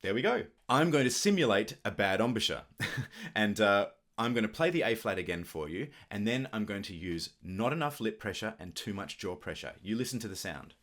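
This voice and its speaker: Lively-pitched man teaching clarinet technique. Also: moderate pace. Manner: relaxed, thoughtful explaining with occasional fillers. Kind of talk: instructional video talk.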